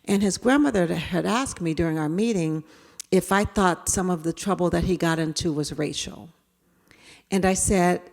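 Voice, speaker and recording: A middle-aged woman giving an animated storytelling talk on bias to an audience. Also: lowish voice, moderate pace, creaky, big-room sound. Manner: animated, acts out quotes. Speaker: speaker on implicit bias.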